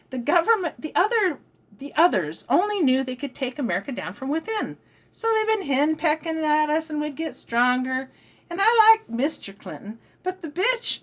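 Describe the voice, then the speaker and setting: A woman's voice: high voice, fairly bright tone. A woman vlogger talking in a rambling, emphatic monologue that trails off and restarts. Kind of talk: rambling spiritual-political monologue.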